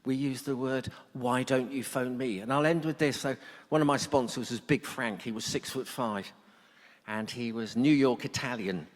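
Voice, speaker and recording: A man's voice: medium pitch, moderate pace. A middle-aged man speaking to a workshop audience, a blunt and joking storyteller. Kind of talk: humorous talk to an audience. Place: conference hall. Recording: long hall reverb.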